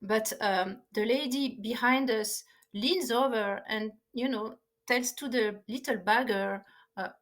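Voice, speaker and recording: A woman with a non-native English accent, a podcast guest speaking in a halting, earnest way with many restarts. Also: fairly high pitch, a bit bright. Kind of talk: conversational interview.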